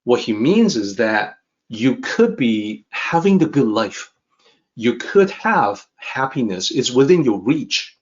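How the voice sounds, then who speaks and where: A man explaining an ancient text as a teacher, in a calm, measured lecture that repeats points for emphasis. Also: mid-range voice. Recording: dull, slightly muffled recording.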